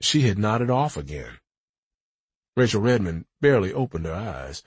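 A man's voice: lowish voice, sing-song, normal speed, breathy edge, no room sound. A man narrating a gritty first-person audiobook with a wry storytelling manner.

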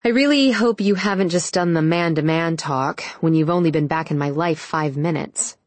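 A woman voicing a tough, sharp-tongued young werewolf woman in an audiobook, defiant and sarcastic. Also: low voice, normal speed, no echo, natural voice.

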